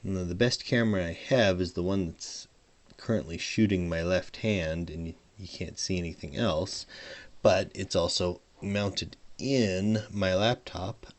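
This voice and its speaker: A man's voice: low voice, a little slow. A man narrating his hardware soldering as he works, mumbling and trailing off mid-thought, at a home workbench, leaning in and out from a desk microphone. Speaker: hobbyist modder. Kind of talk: casual narration while soldering.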